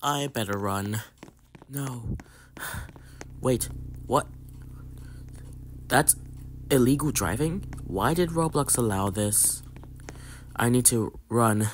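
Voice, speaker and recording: A young man playing out a game role-play skit, reacting with quick, astonished exclamations. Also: medium pitch, a little hiss or hum. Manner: exclaiming, rapid reactions of disbelief. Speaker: gaming YouTuber. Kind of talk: Roblox role-play skit voicing several characters.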